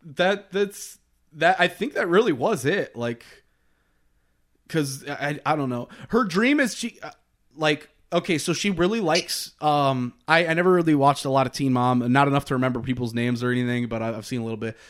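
Young male podcast co-host, high voice, rambling and profane, gossipy casual chat. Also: normal speed. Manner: rambling, heavy use of "like", swears and laughs often.

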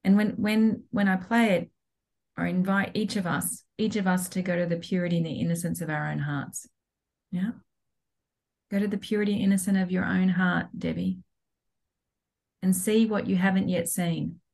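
A woman leading a group coaching call on a video call, soft and inviting as she guides the group. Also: on the low side, fairly even intonation, moderate pace, gravelly.

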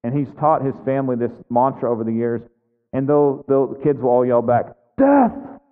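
A man's voice: mid-range voice, steady tone, fairly quick, clear, resonant tone. A man pastor delivers a sermon in a church, earnest at first and then pressing each point with fervent emphasis. The sound is thin and phone-like. It rings with the long reverb of a big hall.

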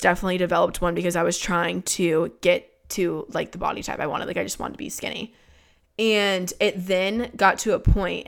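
Candid young woman with a gravelly voice. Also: fairly low pitch, a bit bright. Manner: frank and swearing, many "like" fillers. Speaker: podcast host. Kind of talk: candid personal storytelling.

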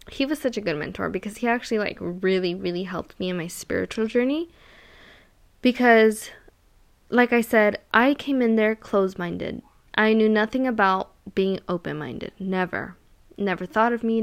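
A woman's voice: mid-range voice, gravelly. Rambling woman telling a personal story. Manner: rambling, heavy use of "like" and "um"; candid and emphatic, repeats words for stress. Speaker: solo podcaster or vlogger.

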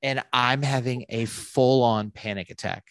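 A man, a podcast guest telling a story in a casual, animated way, full of fillers and restarts. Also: medium pitch, dry recording, clean studio sound. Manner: animated, quick bursts with many fillers and restarts.

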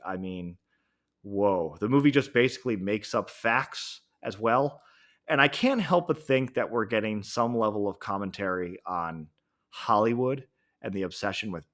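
Low-voiced man rambling through a review. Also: fairly bright tone. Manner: casual, thinking aloud with many ums and self-corrections. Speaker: podcast host. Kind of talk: solo podcast review.

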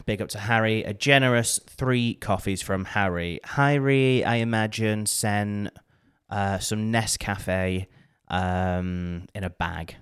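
A man's voice: fairly low pitch, slow, fairly bright tone, clean tone. A man co-hosting a podcast in casual chat, playful and teasing. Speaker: podcast co-host.

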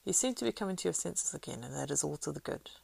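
A woman reading the part of a weathered male ranger, measured, wry and grave. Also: sits low, expressive, creaky, a little mellow, breathy edge, no room sound, heavily acted.

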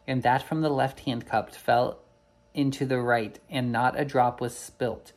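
A man's voice: medium pitch, a little mellow. A man reading an old storybook aloud, unpolished, with occasional slips and self-corrections.

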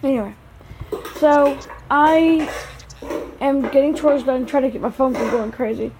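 A woman's voice: high voice, fairly even intonation, measured pace, noisy background. A mother talking casually to camera in a rambling daily vlog, moving between her car and her home. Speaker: vlogger, mother.

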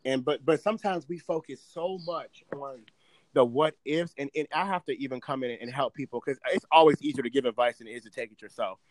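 A man's voice: medium pitch, a little fast, no echo, low-quality recording. A man in casual podcast chat, talking animatedly and acting out his own anxious thoughts.

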